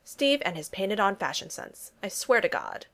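A woman's voice: mid-range voice, wildly swooping pitch, normal speed, fairly bright tone, exaggerated voice. A woman voicing a flippant, wealthy male joker who talks sarcastically and breezily in a storybook reading. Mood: sarcastic.

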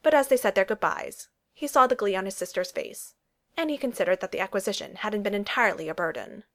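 A woman narrating a romance story as an audiobook, in a steady, even storytelling manner. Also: mid-range voice, fast.

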